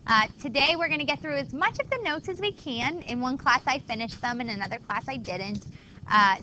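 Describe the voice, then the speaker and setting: A woman's voice: fairly high pitch, bright, forceful tone, a little hiss or hum, low-quality recording. A woman teaching a math class, explaining step by step and talking to students in a chatty way. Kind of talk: classroom lecture.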